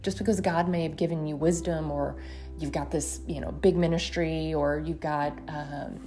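A woman preaches with earnest, emotional conviction. Her voice sits on the lower side, and she often slips into heartfelt prayer. Music plays clearly behind her. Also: steady tone, normal speed, warm tone. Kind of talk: sermon.

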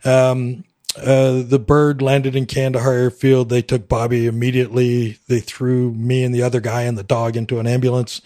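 A man's voice: medium pitch, completely flat delivery, normal speed, dark tone. A middle-aged man from Canada, a military veteran guest on a podcast, telling his story candidly with a wry edge, acting out the dialogue, with frequent fillers.

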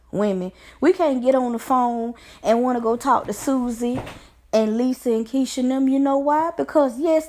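A woman with a somewhat high voice and a gravelly fry speaks straight to her listeners. She encourages them earnestly, like a preacher, and repeats phrases for emphasis. She talks like a life coach giving a motivational talk. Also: darkish tone. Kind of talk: motivational faith talk to camera.

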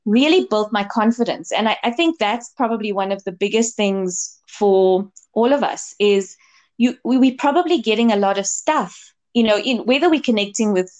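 A woman's voice: mid-range voice, animated, normal speed, a little mellow. Woman, casual chat, chatty storyteller, lots of fillers and restarts. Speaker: podcast co-host, medium.

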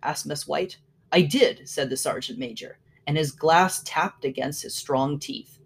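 Measured storyteller with trailing lines. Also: medium pitch, vocal fry, husky. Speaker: narrator. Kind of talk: scripted story narration.

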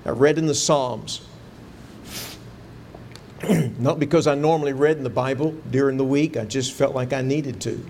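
Here a pastor delivers a sermon at a moderate pace, pausing often, his medium-pitched voice a little mellow. Slight background noise sits behind his earnest personal story, which swells into fervent pleading whenever he recites his prayers.

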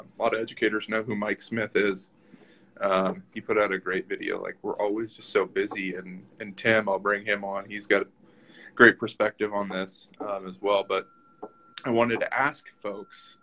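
A man's voice: fairly low pitch, fairly bright tone, a little hiss or hum, rough recording. A man hosting a casual live-stream chat, talking loosely with lots of fillers and tag questions. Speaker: host.

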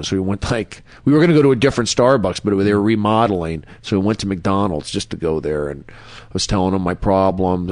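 In clean studio sound with no room sound, a man with a low voice, appearing as a comedian guest on a podcast, shares a personal story. It comes out casual and rambling, packed with fillers and restarts.

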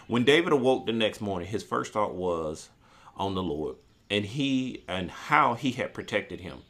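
A man who works at a church, preaching an earnest sermon and reading scripture slowly, often repeating key phrases. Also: deep voice, expressive, a bit bright.

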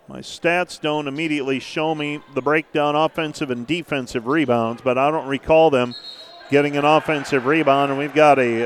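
A man calling live basketball play-by-play, brisk and name-by-name, with stat asides between plays. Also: on the high side, a little hiss or hum. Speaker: play-by-play announcer.

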